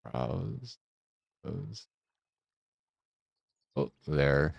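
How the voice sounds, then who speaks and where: A man streaming a game, chatting casually, joking and laughing often, and getting excited as he rambles. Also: rumbling low, very slow, creaky, husky, dry recording, highs cut off. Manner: gets excited and rambling when riffing. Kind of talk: casual live-stream chat while gaming.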